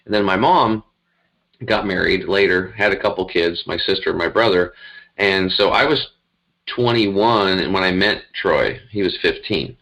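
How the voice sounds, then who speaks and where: A man with a deep, low voice tells his story as a guest. He rambles and talks in an animated, emphatic way. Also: normal speed, gravelly, low-quality recording. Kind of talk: conversational storytelling.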